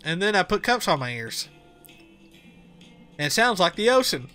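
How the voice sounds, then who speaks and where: Spacey young guy voiced by a game streamer, slow dreamy drawl, bright voice, faint music behind. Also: medium pitch, big pitch swings.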